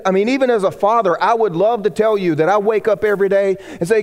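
A man preaching a sermon as pastor, animated and acting out the people he quotes. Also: high-pitched, brisk, in a large hall. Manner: animated, acts out quoted voices. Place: church sanctuary.

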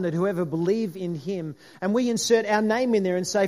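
A man's voice: sits high, brisk, hardly any pauses, a little mellow. A man preaching a sermon in an earnest way, with frequent restarts and the aside "if you like".

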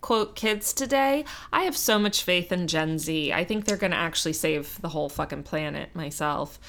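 Bright-voiced woman in chatty tangents. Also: deep voice, gravelly, a little hiss or hum. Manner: reactive, quick with exclamations and tangents, swears. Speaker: podcast co-host. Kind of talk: casual chat reacting.

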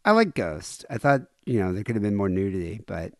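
A man's voice: fairly low pitch, expressive, brisk, darkish tone, dry recording, studio quality. A middle-aged man co-hosting a comedy podcast, jokey and playful. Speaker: podcast co-host. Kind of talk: casual comedic chat.

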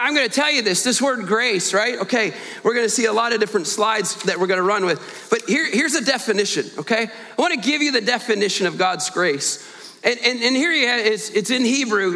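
A man as guest preacher giving an earnest, animated storytelling sermon in a church, with joking asides to the congregation. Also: very high voice, long reverb tail. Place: church sanctuary.

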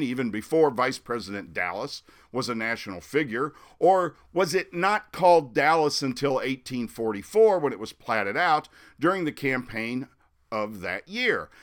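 A man's voice: medium pitch, fairly bright tone. A middle-aged man from Missouri talks through a history story in a chatty podcast monologue. His voice rises and falls a lot as he goes. He drops in wry asides now and then. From Missouri, United States. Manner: chatty, wry asides, flares up in mock outrage. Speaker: podcast host.

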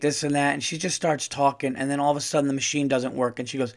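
A man's voice: mid-range voice, level tone, fast, hardly any pauses. A male comedian hosting a podcast, telling a rambling, self-deprecating story with stammers and restarts. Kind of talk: casual storytelling.

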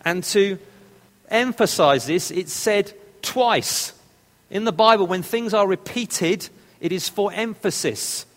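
A man's voice: sits high, takes it slowly, big-room sound. A man preaching a sermon, explaining a text step by step and repeating phrases for emphasis.

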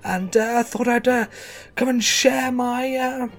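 A man voicing a newly rich male dwarf preacher who talks high and hesitantly, full of ums and stammers. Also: fairly even intonation, measured pace, soft background music. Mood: sheepish.

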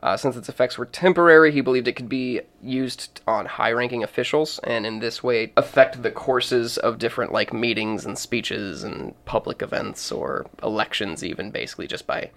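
A young man co-hosting a podcast in casual, loud, jokey chat, laughing often. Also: mid-range voice, normal speed, hardly any pauses. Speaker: podcast co-host.

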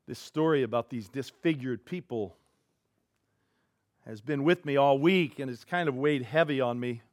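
A man preaching as a pastor, telling a story in an animated way with big swings in loudness. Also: mid-range voice, normal speed, dry recording, studio quality. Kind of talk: sermon storytelling. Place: church.

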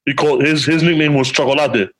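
A man's voice: quick pace, slightly rough, low-quality recording. A man co-hosting a podcast in casual chat, using streetwise slang and acting out the people in his stories. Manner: animated, acts out quotes with big pitch jumps; streetwise slang, frequent "you know what I'm saying". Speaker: podcast co-host.

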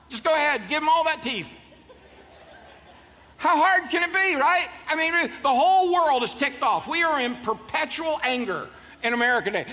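In a big church auditorium, a pastor in his fifties delivers a sermon with a very high, sharp voice, playfully joking with the crowd and guiding them through call-and-response. Hall reverb and faint ambience fill the recording.

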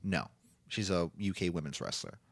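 A man's voice: low voice, sing-song, normal speed, gravelly, fairly bright tone, no room sound, clean studio sound. A man casually recapping wrestling matches as a podcast host, talking in loose play-by-play full of fillers and restarts. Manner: rambling, filler-heavy play-by-play with frequent restarts. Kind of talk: casual chat.

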